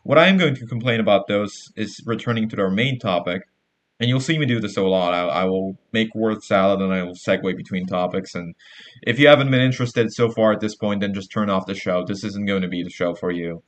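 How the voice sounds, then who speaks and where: A man's voice: lowish voice, brisk. A young man hosting a podcast, telling a long digressive story with a sardonic edge and acting out the people he quotes. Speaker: podcast host. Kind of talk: rambling storytelling monologue.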